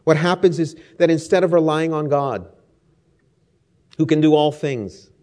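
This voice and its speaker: A man's voice: a little high, measured pace, darkish tone. A man preaching a sermon, speaking emphatically with rhetorical lists and stories. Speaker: pastor.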